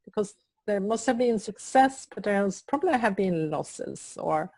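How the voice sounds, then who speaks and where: A woman co-host asking a guest questions in a halting way, searching for her words. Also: medium pitch, lively intonation, dark tone, dry recording. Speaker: podcast co-host. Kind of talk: interview questions.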